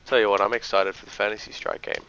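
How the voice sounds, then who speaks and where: A man's voice: on the low side, huge pitch swings, quick pace, gravelly. An Australian man doing chatty, jokey live-stream commentary on a game match. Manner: chatty, jokey, gives shoutouts. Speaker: esports commentator. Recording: dull lo-fi stream audio, faint noise.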